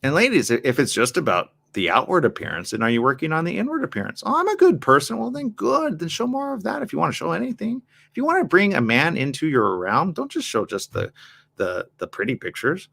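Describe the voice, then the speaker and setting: A male talk show host giving casual relationship advice in a monologue, animated and acting out both sides of arguments, talking straight to the ladies. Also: a little high, fairly quick, creaky. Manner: addresses the ladies in the audience directly.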